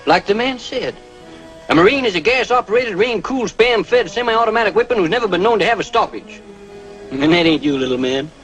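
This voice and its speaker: A wry, teasing veteran Marine. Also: male voice, high-pitched, expressive, fairly quick, a bit bright, soft background music, poor audio. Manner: dry, mocking drawl. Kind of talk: 1950s war film acting.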